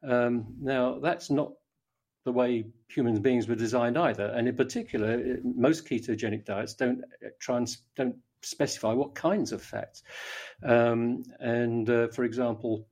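A man's voice: mid-range voice, unhurried, darkish tone. Older man rambling with many fillers. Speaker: guest. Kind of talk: conversational interview.

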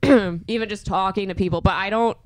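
A woman's voice: mid-range voice, brisk, no room sound, studio quality. A young woman comedian, telling stories bluntly and acting out heated quotes in casual chat. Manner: blunt, profane, animated storytelling with acted-out quotes. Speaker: comedian, podcast guest.

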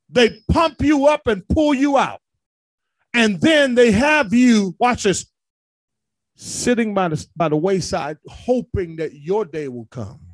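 A male pastor preaching a sermon, calling out to the congregation and rising to shouts. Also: high-pitched, dry recording.

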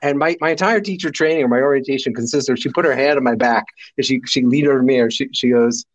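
A middle-aged man from the United States, a guest telling stories with animated delivery and acting out the people in them. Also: medium pitch, fast, dry recording. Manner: animated, acts out voices in his stories. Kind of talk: storytelling in a conversation.

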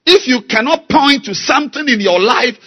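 A man preaching a sermon, slow and emphatic, repeating key words and building to loud exhortation. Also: extremely high pitch, animated. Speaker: pastor.

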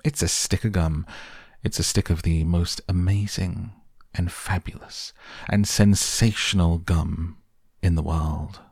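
A man's voice: low-pitched, steady tone, unhurried, gravelly, darkish tone, breathy edge, dry recording, studio quality, heavily acted. A man reading the part of an eccentric, proud male candy inventor, boasting grandly. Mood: boastful.

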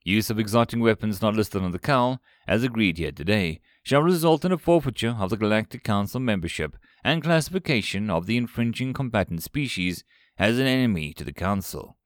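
A man's voice: on the low side, animated, fairly quick, no echo, studio quality, natural voice. A man voicing a cold, formal android mediator that speaks in a precise, officious way. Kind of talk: audiobook character voice.

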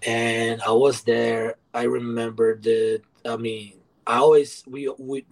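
A man's voice: mid-range voice, animated, slow pace, creaky, darkish tone, rough recording. Frank, profane male podcast guest. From moved to the USA from abroad. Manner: frank and profane, acts out past dialogue. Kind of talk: candid interview storytelling.

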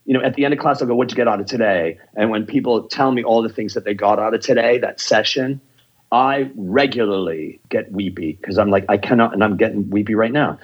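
A man's voice: on the low side, fairly quick, slightly rough, dull audio. A man who teaches improv, telling stories in a casual interview, passionate and full of swearing. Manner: profane, passionate storytelling.

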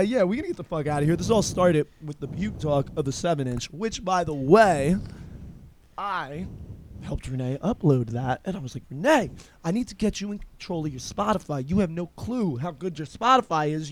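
Guy hosting a podcast, cussing and cracking up, kinda high voice, faint hiss behind. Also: expressive, moderate pace. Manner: profane, laughing storyteller who acts out quotes. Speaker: podcast host. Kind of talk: casual chat.

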